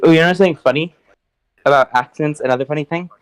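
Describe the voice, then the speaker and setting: A man's voice: fairly high pitch, fast, clean tone, dry recording, poor audio. An American man chatting casually, telling stories and teasing, often swearing. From United States. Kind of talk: casual chat.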